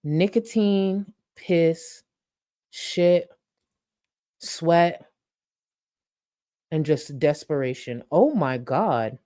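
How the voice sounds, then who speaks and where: A woman's voice: sits low, extremely slow, long pauses, dark tone. A woman hosting a live reaction stream, blunt and mocking with crude, profane jokes.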